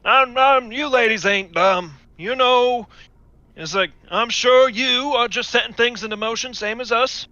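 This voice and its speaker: A man's voice: extremely high pitch, measured pace, pushed and bright, dry recording, muffled recording, full character voice. A man playing a flirtatious, swaggering smuggler in a tabletop game, talking in a folksy drawl. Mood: chummy.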